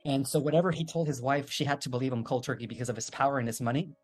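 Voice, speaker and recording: Man, interview guest, mid pitch, rambling storytelling, fillers and restarts, faint music behind. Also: rapid-fire. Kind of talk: casual storytelling.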